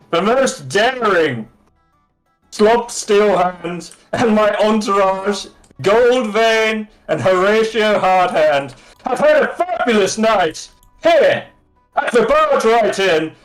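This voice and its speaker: A man's voice: high-pitched, lively intonation, slow pace, faint music behind, voice pushed up, rough recording. A man voicing a large boastful male orc adventurer who speaks grandly. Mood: grandiose. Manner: pompous, theatrical speech.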